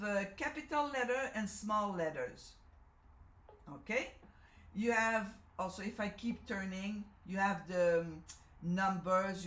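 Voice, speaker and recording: This live sewing machine demo comes from a woman whose first language is French, speaking with a Canadian French accent. She is chatty and self-correcting, frequently adding "okay?", and her medium-pitched voice has a fairly bright tone that echoes around the room.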